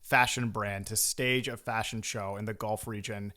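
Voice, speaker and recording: A man's voice: fairly low pitch, steady tone, moderate pace, bright, forceful tone. A man co-hosting a podcast in casual chat, rambling and laughing easily as he talks. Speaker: podcast co-host.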